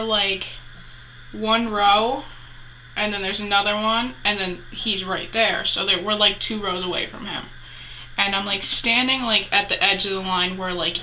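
A woman's voice: mid-range voice, pushed and bright, slight background noise, low-quality recording. A young adult woman chatting casually as a vlogger, retelling a story with lots of 'like' fillers.

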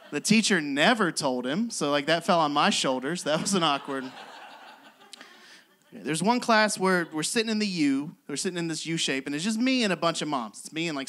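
A man's voice: a little high, a bit bright. A young man doing a self-deprecating stand-up set on a club stage, often laughing through his lines. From West Virginia. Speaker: stand-up comedian.

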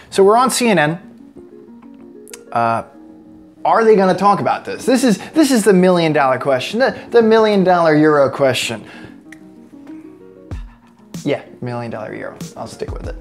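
An American man giving a sarcastic, joke-filled commentary vlog as a political commentator. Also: high voice. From United States. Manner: sarcastic, joking asides.

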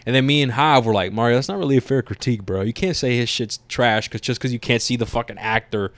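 A man co-hosting a podcast, chatting casually about a movie, animated and teasing, swearing freely. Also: mid-range voice, fast talker, no echo. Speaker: podcast co-host. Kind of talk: casual movie review chat.

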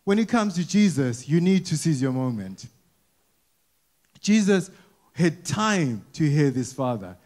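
A man with a fairly high voice preaches to a church congregation in an easy, conversational way. He restarts and repeats words often and keeps asking the people questions. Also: big pitch swings, a little slow, pauses often, darkish tone. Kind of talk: conversational sermon. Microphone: wearing a mic.

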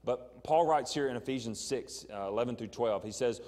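Southern pastor teaching in a reverberant church. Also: male voice, mid-range voice, fairly quick, few pauses, a little mellow. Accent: Southern American. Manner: conversational, asks the congregation questions, frequent ums. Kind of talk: evening Bible teaching sermon. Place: church sanctuary.

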